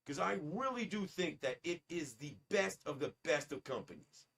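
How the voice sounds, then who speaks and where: A man's voice: a little high, lively intonation, moderate pace, vocal fry, fairly bright tone, slightly rough, distant mic. A man hosting a casual livestream, rambling and talking straight to his chat as "guys". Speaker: livestream host. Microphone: streaming setup.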